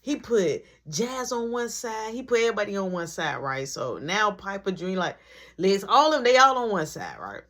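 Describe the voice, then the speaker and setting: Animated, bright-voiced young woman storyteller. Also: medium pitch, normal speed. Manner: animated, slangy, acts out every part. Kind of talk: storytime vlog.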